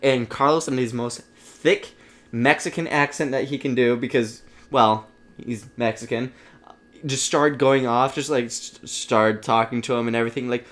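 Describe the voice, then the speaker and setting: A man's voice: medium pitch, fairly even intonation, normal speed, a bit bright. A young man co-hosting a casual gaming podcast, telling rambling stories full of restarts and acting out the voices he quotes. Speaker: podcast co-host.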